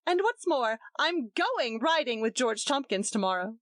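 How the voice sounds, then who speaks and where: A distraught young wife who pleads and snaps bitterly, her voice leaping high, as a woman reading a story puts her on. The pitch swings wildly. It sounds close and dry. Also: big pitch swings, normal speed, fairly bright tone, no echo.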